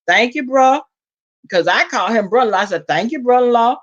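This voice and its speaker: On a muffled recording, a Southern-accented woman dishes gossip to her vlog audience at a brisk clip. Whenever she quotes someone, her voice leaps dramatically in pitch as she plays out the lines.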